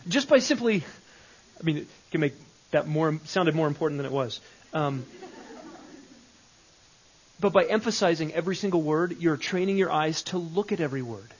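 Husky man teaching a Bible study. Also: a little high, lively intonation, a little fast. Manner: conversational, repeats phrases with shifting emphasis. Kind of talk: live teaching session. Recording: dull lo-fi recording.

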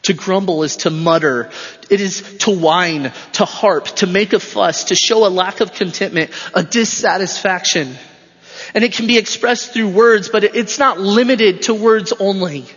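A man's voice: high voice, unhurried, a bit bright, husky. A male pastor preaching an expository sermon in a church, emphatic and repeating his phrases for stress. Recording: dull lo-fi sound with long hall reverb.

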